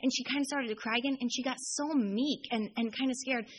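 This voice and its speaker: A woman's voice: a little high, fairly even intonation, fairly quick, husky, low-quality recording. A young woman telling a long personal story at a recovery meeting, chatty and full of fillers. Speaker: AA speaker. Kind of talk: storytelling talk.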